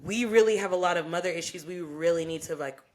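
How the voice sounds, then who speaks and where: Animated, profane young woman telling a story. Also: lowish voice, quick pace. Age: young adult. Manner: animated, profane, rising into re-enacted anger. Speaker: podcast co-host. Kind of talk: casual storytelling chat.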